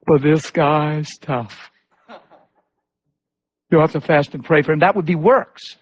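Husky preacher telling stories animatedly. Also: male voice, fairly high pitch, slow, long pauses, no room sound. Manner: animated storytelling with voiced quotes. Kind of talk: sermon. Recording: dull lo-fi recording.

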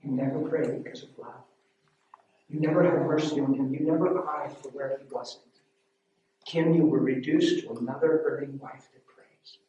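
A man voicing God, speaking in a hushed, solemn tone and gently rebuking a woman. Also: mid-range voice, fairly even intonation, moderate pace, highs cut off, slight background noise, natural voice. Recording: echoey hall from far off.

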